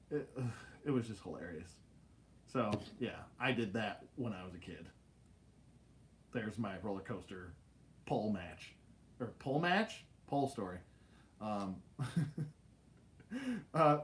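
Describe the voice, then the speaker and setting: A young man casually telling a funny childhood story, animated and laughing, acting out his family's lines. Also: medium pitch. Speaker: host.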